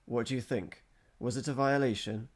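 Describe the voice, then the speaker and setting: A man's voice: mid-range voice, moderate pace, close to an everyday voice. A man voicing an anxious, shaken grown father who speaks faintly, in a storybook reading. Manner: faint, stammering.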